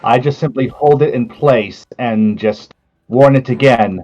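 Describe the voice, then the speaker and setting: A man's voice: medium pitch, unhurried, darkish tone, lo-fi sound, soft background music. A man playing a tabletop game, stammering and restarting as he talks. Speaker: player. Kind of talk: tabletop role-play.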